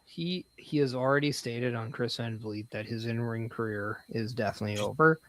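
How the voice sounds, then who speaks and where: A man co-hosting a live watch-along show, chatting casually, halting and restarting his words. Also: medium pitch, a bit bright, dry recording. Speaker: co-host.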